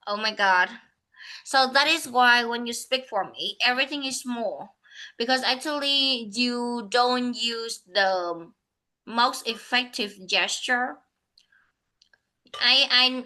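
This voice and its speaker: Slow bright-voiced Vietnamese woman tutor. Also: a little high, poor audio. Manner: slow, repeats and corrects herself. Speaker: English speaking tutor. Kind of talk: online one-on-one lesson.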